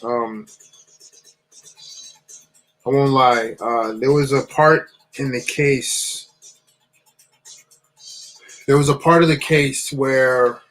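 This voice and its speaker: A man from New Jersey, a channel co-host, telling a personal story in a halting, repetitive way with many restarts. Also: mid-range voice, a bit bright, low-quality recording.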